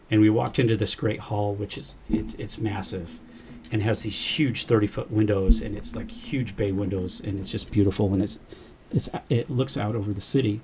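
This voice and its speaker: A man's voice: on the low side, warm tone, slight background noise. A man, a podcast guest, earnestly recounting a personal experience and quoting the dialogue as he goes. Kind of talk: personal storytelling in a podcast interview.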